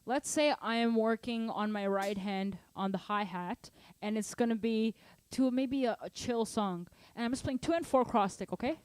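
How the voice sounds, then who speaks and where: A woman's voice: on the high side, moderate pace, a little mellow, no room sound. A woman teaching drums in a casual online lesson, chatty and playful, singing patterns aloud. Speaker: drum teacher answering student questions. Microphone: studio microphone at drum kit.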